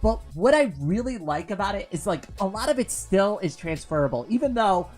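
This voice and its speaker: A woman's voice: medium pitch, animated, brisk, a little mellow, faint music behind. A woman in her forties chatting casually on a live stream, rambling with lots of fillers and laughing often. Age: 40s. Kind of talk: casual chat reading viewer comments.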